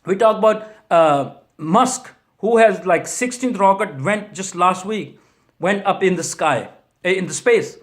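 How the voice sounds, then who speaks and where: High-voiced man pleading earnestly. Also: measured pace. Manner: pleading, repetitive rhetorical questions. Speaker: minister of a church ministry. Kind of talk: impassioned video message.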